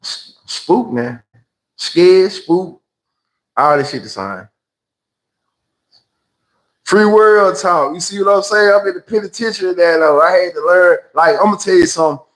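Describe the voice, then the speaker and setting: A man with a Memphis Southern accent spins a loose, slangy story on his phone livestream. His voice sits a bit high for a man, and he keeps slipping into other people's voices as he tells it. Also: measured pace, pauses often, a bit bright, poor audio. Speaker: livestream host.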